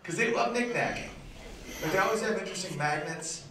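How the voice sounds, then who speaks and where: Bouncy, high-voiced male stand-up comic. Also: expressive, brisk. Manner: crude, riffing, bouncy delivery. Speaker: stand-up comedian. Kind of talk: stand-up routine. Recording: very echoey, distant, noisy live recording.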